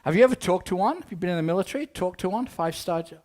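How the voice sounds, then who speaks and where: A man giving a humorous talk, telling a rambling anecdote full of wry asides and quick jokes. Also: high voice, expressive, a little mellow. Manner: rambling, often restarts with "anyway". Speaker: keynote speaker.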